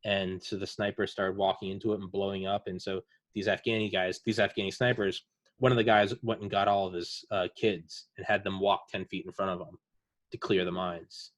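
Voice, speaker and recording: A man's voice: low-pitched, flat delivery, brisk, no room sound. A man hosting a casual podcast chat, retelling veterans' war stories in a rambling way with lots of fillers. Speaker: podcast host.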